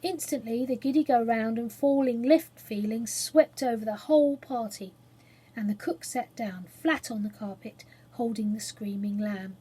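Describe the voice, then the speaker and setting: Breathy woman reading a storybook. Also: fairly high pitch, rough recording. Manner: gentle expressive read-aloud, softening to a hush in places.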